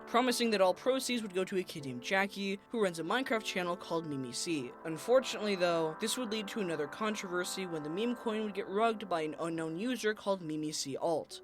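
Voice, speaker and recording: A narrator telling an absurd internet story in a deadpan, mock-serious documentary manner. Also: mid-range voice.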